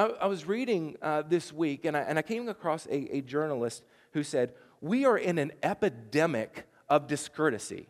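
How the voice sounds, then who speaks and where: A man's voice: high voice, in a large hall. A man preaching a sermon as pastor, telling a chatty story with frequent stammered restarts.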